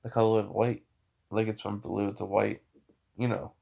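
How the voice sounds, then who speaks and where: A man voicing a calm, cold young male swordsman in a low, hushed, flat way while retelling a fan story. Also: normal speed, creaky, dull audio. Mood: curious.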